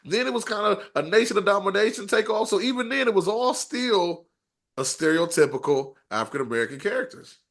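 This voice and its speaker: Very high, bright-voiced male podcast host. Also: animated, brisk. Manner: prodding, conversational, asks leading questions. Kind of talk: podcast interview conversation.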